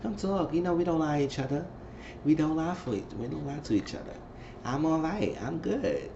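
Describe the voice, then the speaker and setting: A man voicing a soft-spoken woman who coaxes her lover in a hushed, breathy tone. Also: on the high side, expressive, moderate pace, dull audio, background noise, voice pushed up. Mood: coaxing.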